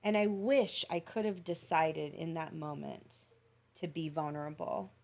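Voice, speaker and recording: Woman with a low, gravelly voice. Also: lively intonation, unhurried, a little mellow. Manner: earnest, reflective, tells stories in detail. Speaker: podcast guest. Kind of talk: emotional personal storytelling.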